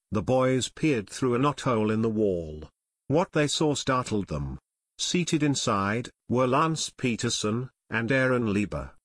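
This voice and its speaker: Expressive male audiobook narrator. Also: mid-range voice, no room sound, studio quality. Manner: expressive, voices every character.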